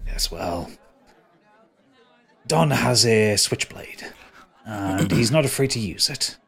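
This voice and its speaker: A man's voice: lowish voice, animated, slow pace, creaky, fairly bright tone, husky, full character voice. A man voicing a smug male bard who stole another's name, theatrical and fawning, with a thread of menace. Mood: menacing. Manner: theatrical, fawning stage patter.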